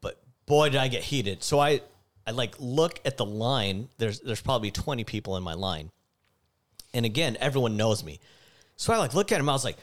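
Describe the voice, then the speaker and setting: A young man tells a story in casual chat. He acts out the quotes loudly and turns animated as he laughs. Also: mid-range voice, fairly quick. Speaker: former store clerk telling a story.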